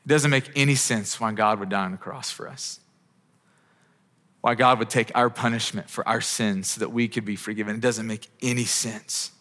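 A man's voice: lowish voice, steady tone, moderate pace, a bit bright. A man in his thirties preaching a sermon in an earnest, conversational way, often restarting his sentences. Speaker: pastor. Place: church auditorium. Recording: long hall reverb.

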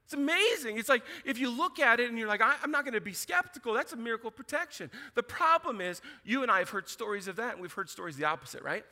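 A man preaching a sermon as pastor, emphatic and animated, often repeating words as he starts a thought. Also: extremely high pitch, quick pace, hardly any pauses. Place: church sanctuary. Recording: church hall with long reverb.

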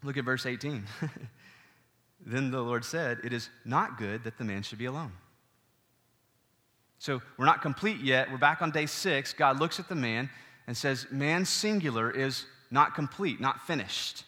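Pastor guy preaching, kinda high bright voice, lots of questions to the crowd, big echoey hall. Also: a little slow. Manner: animated, asks the congregation questions. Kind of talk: sermon.

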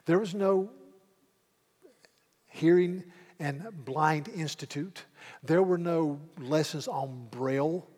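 Emphatic preacher, slightly high voice. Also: male voice, slow, long pauses, a little mellow, big-room sound. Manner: emphatic preaching, repeats words when restarting. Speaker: pastor. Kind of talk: sermon.

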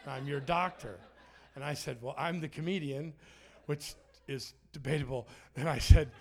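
A man's voice: mid-range voice, normal speed. A man preaching a sermon in a church, joking and self-deprecating, with frequent restarts. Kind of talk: sermon with humor. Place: church sanctuary.

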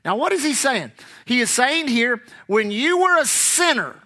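A preacher with a bright, ringing tone and a voice that swings widely up and down. They read scripture and then break it down with rhetorical questions to the congregation. Key words get emphatic, drawn-out stress. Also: high voice, sing-song. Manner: reads scripture aloud, then explains it. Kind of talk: sermon.

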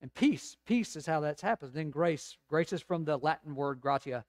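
A man preaching a sermon as pastor, rising to emphatic swells and dropping to slow, quiet reflection. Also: fairly high pitch, expressive, no echo.

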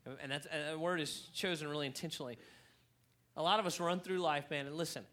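High, bright-voiced male pastor. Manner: animated storyteller, rising in volume for emphasis. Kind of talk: sermon with a humorous story. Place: church hall.

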